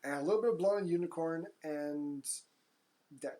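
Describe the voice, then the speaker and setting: A woman's voice: low voice, brisk, very noisy. A woman co-hosting a podcast in casual chat, blunt and casually swearing. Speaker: podcast co-host.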